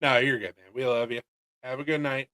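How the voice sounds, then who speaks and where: A man's voice: medium pitch, fairly even intonation, brisk, sharp tone, smooth, no echo, poor audio. Chill guy rambling on a live stream, cracking jokes, dead dry room. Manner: laid-back, rambling, jokey. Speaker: livestream host. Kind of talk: casual chat.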